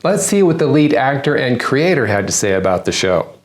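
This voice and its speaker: A man's voice: mid-range voice, sing-song, fairly quick. Sarcastic man doing a satirical monologue. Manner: sarcastic punchline delivery. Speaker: comedian hosting a news-parody segment.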